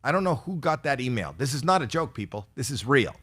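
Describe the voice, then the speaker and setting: A man's voice: mid-range voice, big pitch swings, quick pace, fairly bright tone, breathy edge. Comic, man, 60s: rambling self-deprecating stand-up, stammery restarts. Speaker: stand-up comedian. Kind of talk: stand-up routine for a virtual audience.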